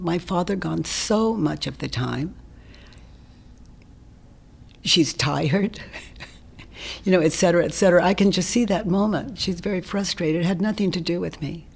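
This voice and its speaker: Breathy, lower-voiced woman guest; gentle, reflective, frequent near-whispers. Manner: gentle, often dropping into a soft whisper. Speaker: interview guest, self-inquiry teacher. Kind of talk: reflective conversational explanation.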